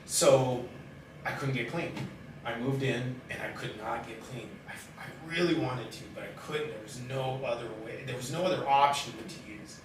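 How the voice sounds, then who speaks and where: Halting and frank, a middle-aged man with a mid-range voice talks through his life story in a conversational setting, peppering it with pauses and fillers. Steady background noise, a distant mic and strong room echo mark the recording.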